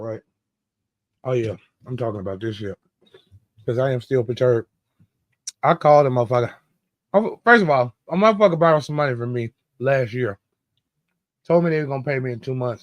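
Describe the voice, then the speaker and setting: A man co-hosting a podcast, telling a story in casual chat, animated and indignant, swearing freely. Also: medium pitch, no echo, lo-fi sound. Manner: animated, indignant, heavy profanity. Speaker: podcast co-host.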